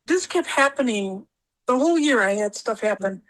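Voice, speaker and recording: A woman's voice: a little high, expressive, moderate pace, poor audio. A woman guest telling her stories in a casual interview, rambling and repeating words as she acts out what she said.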